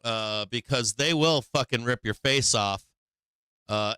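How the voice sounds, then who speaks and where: Profane, animated man hosting live trading. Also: medium pitch, takes it slowly, clear, resonant tone, no echo. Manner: profane, animated, laughs often, acts out the market. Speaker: livestream trading show host. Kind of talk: live market commentary.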